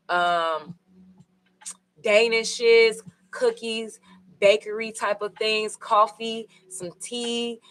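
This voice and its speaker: Casting: woman tarot reader, bright tone, loose rambling delivery with fillers. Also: mid-range voice, poor audio. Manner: rambling, conversational, with many fillers. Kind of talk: casual tarot reading.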